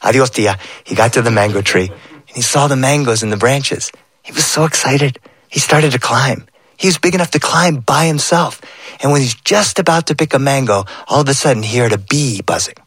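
A middle-aged man telling a family story aloud, playful and animated, slipping in sayings and voices. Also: mid-range voice, a little fast, husky, no room sound. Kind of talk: oral storytelling.

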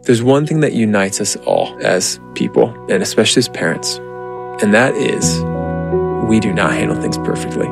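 A man's voice: lowish voice, moderate pace, creaky, over loud music. A man in his thirties, a therapist, telling stories earnestly in a conversational interview. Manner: earnest, animated storytelling. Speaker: therapist and parenting guest.

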